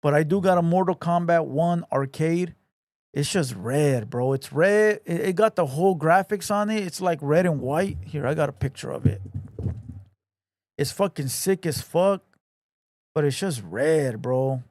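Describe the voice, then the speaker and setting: A man with a slightly high voice, talking in a blunt, swearing, laid-back street way. His sound is close and dry, with no room behind it. He chats casually as a stream host. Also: a little slow, a little mellow, dry recording. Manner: profane, blunt, laid-back street slang, calls everyone "fool". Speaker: podcast host reading viewer comments. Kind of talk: casual livestream chat.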